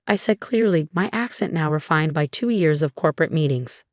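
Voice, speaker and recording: A woman narrating a scripted first-person story in a measured, even way. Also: low-pitched, no room sound, clean studio sound.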